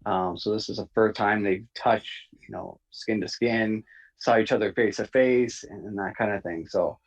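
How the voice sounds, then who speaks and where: A man co-hosting a review podcast in a casual chat, talking in a relaxed, hesitant way with many fillers. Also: lowish voice, moderate pace, slightly rough. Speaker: podcast co-host. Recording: dull lo-fi audio.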